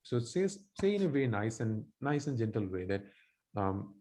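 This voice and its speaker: Man tutoring doctors, mellow voice. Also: medium pitch, lively intonation, unhurried. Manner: explains with many repeats and restarts. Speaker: medical exam tutor. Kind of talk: online teaching feedback.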